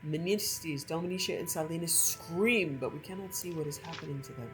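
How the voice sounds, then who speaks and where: A woman gameplay streamer reading a story aloud from a game in a measured, expressive way. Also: low-pitched, soft background music, poor audio.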